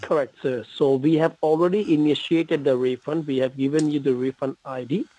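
Husky, polite man repeating "sir". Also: on the high side, fairly even intonation, brisk, warm tone, low-quality recording. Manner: polite, repetitive, keeps saying sir. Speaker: phone scammer. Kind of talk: scripted tech-support phone call.

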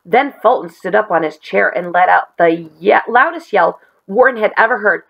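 A woman teacher reading a chapter book aloud to children in a gentle, expressive way. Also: mid-range voice, moderate pace, gravelly, highs cut off.

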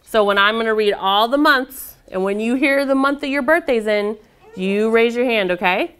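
A woman's voice: on the high side, moderate pace, a bit bright, clear, resonant tone. A young woman leading a children's storytime, reading aloud and guiding rhymes in a patient, encouraging, sing-song way. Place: indoor storytime room with children.

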